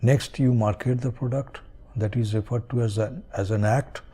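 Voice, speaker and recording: A man's voice: mid-range voice, steady tone, normal speed, dark tone, husky. A man giving a recorded university lecture, hesitant, with many fillers and frequent checks like "is it okay?".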